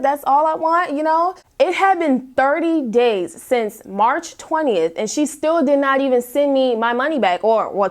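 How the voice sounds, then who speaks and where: A young woman vlogger telling a story in a casual, exasperated, emphatic way and reading her messages aloud. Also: fairly high pitch. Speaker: YouTube vlogger.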